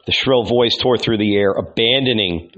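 A man narrating a novel in a measured, dramatic storytelling manner. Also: lowish voice, fairly bright tone, lo-fi sound. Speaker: audiobook narrator. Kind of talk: audiobook narration.

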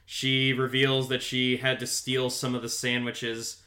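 Bright-voiced man rambling through a recap. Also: mid-range voice, monotone, a little slow. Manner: rambling with many fillers and restarts. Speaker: podcast co-host. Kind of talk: casual show recap chat. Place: home, a pet cat nearby.

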